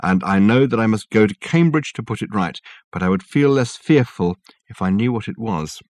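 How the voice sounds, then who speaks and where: A man voicing an eccentric, excitable male detective who talks theatrically and with grand gestures. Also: medium pitch, brisk, dry recording, pitched above the performer's own voice, lightly acted. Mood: dispirited.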